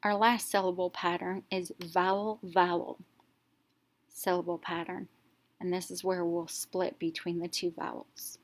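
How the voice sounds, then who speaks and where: A woman teacher narrating a reading lesson, explaining each step slowly and clearly in an instructional voice-over. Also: fairly low pitch, little pitch movement.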